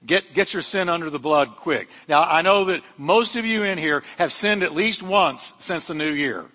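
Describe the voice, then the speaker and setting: A man's voice: on the high side, expressive, moderate pace, pushed and bright. Man preaching in an echoing church. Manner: fervent preaching with humorous asides. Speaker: pastor. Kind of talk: sermon. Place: church sanctuary.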